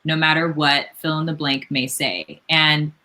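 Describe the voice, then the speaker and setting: A woman's voice: low voice, steady tone, measured pace, bright, forceful tone. A woman hosting a casual live book talk, effusive and encouraging, with many restarts and fillers. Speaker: author and host of book event.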